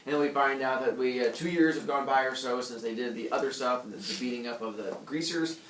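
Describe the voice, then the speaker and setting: A man's voice: medium pitch, brisk, a bit bright, a little hiss or hum. A male teacher recapping a book with his class, quizzing students in a chatty way. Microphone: camera at a distance. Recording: echoey classroom, mic far off, students chattering.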